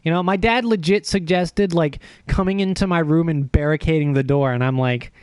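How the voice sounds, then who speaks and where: Brief: male game streamer, casual storyteller, swears, bit high, dry sound. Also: moderate pace, smooth, no room sound. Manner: animated, self-mocking, swears.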